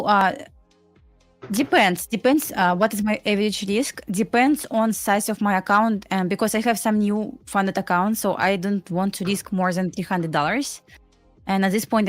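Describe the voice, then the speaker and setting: A woman's voice: mid-range voice, dry recording. A woman from Belarus speaks with a Russian accent, chatting casually as a trading co-host on a live stream. Her voice sits in a middle range and comes across dry and close, with no room sound. She often breaks off and restarts as she searches for words. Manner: halting, restarts sentences. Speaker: trader co-host.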